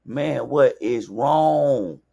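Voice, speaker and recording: A man's voice: mid-range voice, very slow, creaky, dark tone. A man from Alabama with a Southern accent, hosting a podcast in a loose, repetitive, preachy street-talk monologue from a studio. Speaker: podcast host. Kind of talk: casual livestream monologue.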